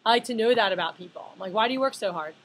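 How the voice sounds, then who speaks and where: A woman's voice: a little high, rapid-fire, a bit bright, a little hiss or hum, rough recording. A woman in her thirties giving a conference leadership talk, chatty and full of fillers, asking the audience questions. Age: 30s. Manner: chatty, filler-heavy, asks the room questions. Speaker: leadership speaker.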